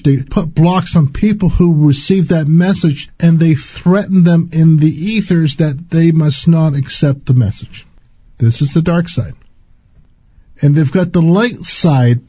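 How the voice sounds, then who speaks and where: Man, husky low-toned voice, earnest spiritual testimony, dull lo-fi sound. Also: warm tone, no room sound. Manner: earnest, slow and deliberate. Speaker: spiritual speaker.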